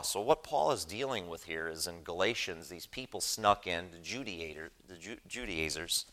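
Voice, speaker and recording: An earnest man preaches in a church with a bright, forceful delivery. His voice sits on the low side, and he keeps checking in with the congregation as he drives his points home. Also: animated, normal speed, hardly any pauses. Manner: earnest, emphatic, asks the congregation "right?". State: choked up with emotion. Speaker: lay preacher. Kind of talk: sermon.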